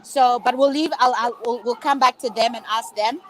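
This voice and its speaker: A woman's voice: on the high side, steady tone, moderate pace, a little hiss or hum, low-quality recording. A woman moderating a virtual panel discussion over a video call, speaking in an encouraging, conversational way.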